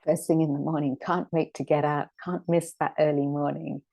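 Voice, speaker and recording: A woman's voice: low voice, flat delivery, moderate pace, creaky, mellow, dry recording, low-quality recording. A woman teaching a scripture discussion class, reflective and returning again and again to key words. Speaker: spiritual teacher.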